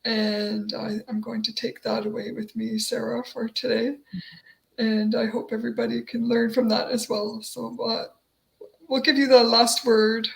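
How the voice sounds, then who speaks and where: A woman co-hosting a live online panel, speaking haltingly with many filler words. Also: fairly high pitch, flat delivery, vocal fry, rough recording. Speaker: co-host.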